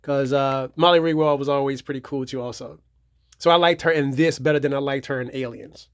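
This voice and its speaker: A man's voice: mid-range voice, steady tone, a little fast, smooth, dry recording, clean studio sound. A man giving a casual, rambling show-and-tell of his movie collection, repeating himself and leaning on fillers. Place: home theater room.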